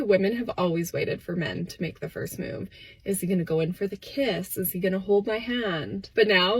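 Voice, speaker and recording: A woman's voice: mid-range voice, husky. A woman dating coach giving conversational advice to the camera.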